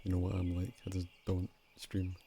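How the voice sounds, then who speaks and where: A man's voice: low voice, monotone, moderate pace, mellow, slight background noise. A tired male streamer signing off casually, rambling in a sleepy, mumbled way.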